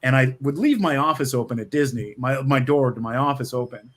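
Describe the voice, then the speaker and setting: A man's voice: medium pitch, fairly quick, a bit bright. Rambling middle-aged man telling writing stories. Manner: rambling, with frequent restarts and laughs. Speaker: screenwriter guest. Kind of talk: casual interview talk.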